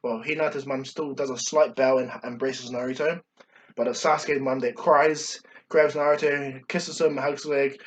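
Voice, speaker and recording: A man's voice: mid-range voice, flat delivery, normal speed, far from the mic. A man casually retelling a fan-made story, rambling with many fillers and restarts.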